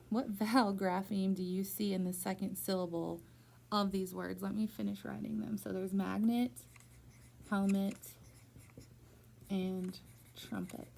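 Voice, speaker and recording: Gravelly, mellow-voiced woman teacher. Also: mid-range voice, a little hiss or hum. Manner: patient, stretches words out slowly to model syllables. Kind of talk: one-on-one phonics lesson. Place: school room with a whiteboard.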